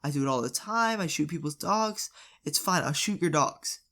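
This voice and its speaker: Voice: medium pitch, expressive, normal speed, a bit bright. A young storyteller voicing a cranky, blunt older woman neighbor who nags in a raised voice. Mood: irritated. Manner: raised, insistent, nagging voice.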